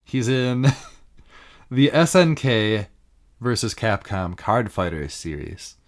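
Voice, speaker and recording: A man's voice: fairly low pitch, very animated, takes it slowly. A man co-hosting a podcast, chatting casually about fighting games with frequent laughs and loose filler words. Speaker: podcast co-host.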